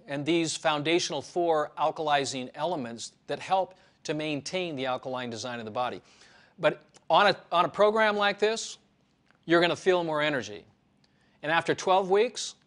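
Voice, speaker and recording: Male author, fairly high pitch, emphatic and preachy, repeats himself. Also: a bit bright. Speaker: health author. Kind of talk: promotional monologue.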